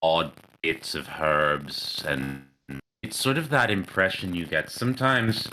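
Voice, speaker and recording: A man narrating a tabletop game as game master, unhurried and descriptive. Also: low-pitched, pushed and bright, slight background noise, low-quality recording.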